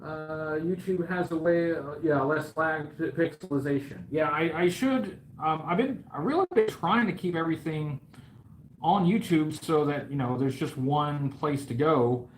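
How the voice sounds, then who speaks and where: A little hiss or hum runs under this rough recording of a man whose voice leans high and whose pace is measured. Drawing during a live stream, the toy review host chats casually, brags jokingly in a mock-grand style and fills his rambling with fillers.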